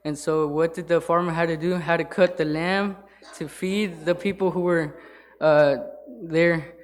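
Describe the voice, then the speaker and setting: A man speaking from the pulpit in an informal sermon. He halts often, filling gaps with fillers and starting sentences over. His voice sits slightly high for a man. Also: fairly even intonation. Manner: halting, with many fillers and restarts. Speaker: lay church speaker. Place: church sanctuary.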